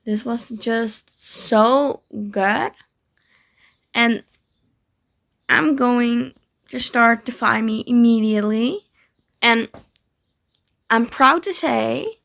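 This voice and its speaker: A young woman talks through her reading in a casual vlog, gushing and giggling. Her voice sits a little high, with a gravelly, fry-laden edge. She speaks slowly and unhurriedly. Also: fairly bright tone. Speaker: book vlogger.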